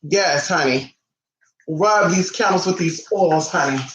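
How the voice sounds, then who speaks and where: A flamboyant, sassy man hosts a live-stream ritual tutorial, calling everyone honey and chatting back to viewer comments. His voice sits on the high side and is a bit bright, with a measured pace, in an echoey room with a little hiss or hum.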